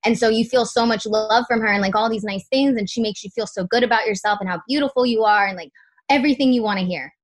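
A woman's voice: a little high, quick pace. Young woman, candid and filler-heavy. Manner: candid, frequent "like" fillers, swears. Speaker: podcast guest. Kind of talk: casual candid chat.

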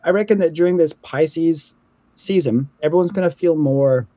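A man chats easily as a guest. His voice is mellow and a little husky, and the sound is dry and close. He laughs often and swears casually. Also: a little high, normal speed, dry recording. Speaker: podcast guest. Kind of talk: casual chat.

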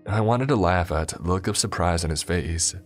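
A man narrating a first-person story in a measured storytelling delivery. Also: low-pitched, faint music behind.

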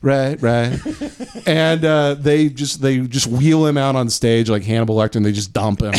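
A man's voice: medium pitch, normal speed. A man co-hosting a comedy podcast, talking casually and jumping into exaggerated impressions. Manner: animated, jumps into exaggerated impressions. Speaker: podcast co-host.

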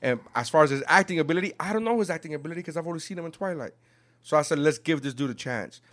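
A man in casual podcast chat, swearing a lot and acting out quotes with big shifts in loudness. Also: a little high, racing. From South Florida. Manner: animated, profane, acts out quotes.

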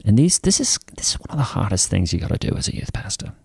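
A man's voice: deep voice, very animated, normal speed, dark tone, no room sound, clean studio sound, heavily acted. A man playing a self-satisfied youth pastor who tells a rambling story full of fillers and restarts. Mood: rambling, earnest. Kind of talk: improvised comedy character.

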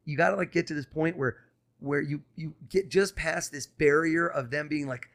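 Appearing as a guest on a podcast, a mentalist performs a mind-reading trick with quick, insistent showman patter. His voice is a little high and a bit bright.

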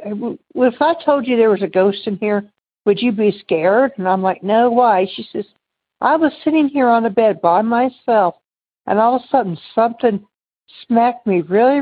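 A woman's voice: mid-range voice, slightly rough. A woman caller telling a personal ghost story in a casual, rambling way. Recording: phone line, muffled.

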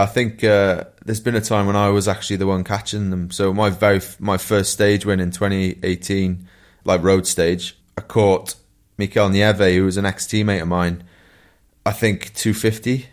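A Welsh man and former pro cyclist, co-hosting a casual podcast and telling race stories in a relaxed way. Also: fairly low pitch. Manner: relaxed storytelling with laughs and asides.

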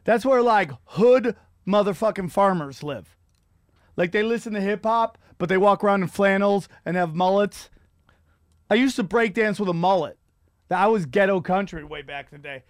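A middle-aged man hosting a comedy podcast, ranting in a profane, rambling way with loud outbursts. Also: high-pitched, moderate pace, no room sound, studio quality. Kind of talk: casual comedic rant.

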